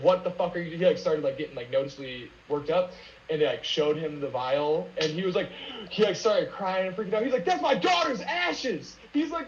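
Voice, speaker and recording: A man talking casually on a podcast as a guest, rambling with lots of fillers and swearing. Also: fairly high pitch. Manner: rambling, many fillers, profane. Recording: roomy lo-fi with faint noise.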